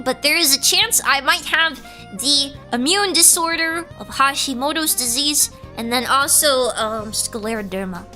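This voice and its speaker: A woman streamer chatting casually and rambling, cutting herself off mid-sentence and reading chat messages aloud. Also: high-pitched. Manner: animated, rambling, self-interrupting, reads chat aloud.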